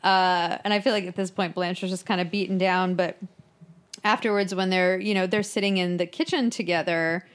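A woman co-hosting a casual podcast, excitedly recapping a sitcom episode and acting out lines from it. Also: lowish voice, moderate pace. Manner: excitable, acts out lines from the show. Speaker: podcast co-host.

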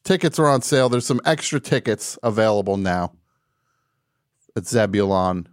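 A man hosting a live call-in radio show, wry and mock-boastful, dropping to quiet mumbles and rising to shouts. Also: on the low side, animated, normal speed, no echo, studio quality.

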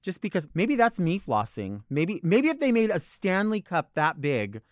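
A podcast host rants with big swings in his voice and a fairly high pitch. The sound is dry and close, with no room around it. He curses freely and acts out the people who annoy him. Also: normal speed, no room sound. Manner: animated, profane ranting with mimicked exchanges. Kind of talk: comedic rant.

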